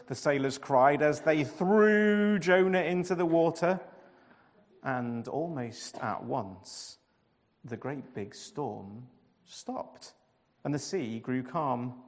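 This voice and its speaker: A man telling a storybook tale in a sing-song way, repeating phrases with dramatic pauses. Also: fairly high pitch, lively intonation, in a large hall. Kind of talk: expressive storybook narration.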